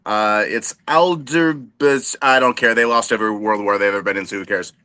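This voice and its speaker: A man's voice: lowish voice, moderate pace, bright, forceful tone, no room sound. A man co-hosting a casual sports chat show, cracking jokes and poking fun at himself. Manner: wisecracking, self-deprecating. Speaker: podcast co-host.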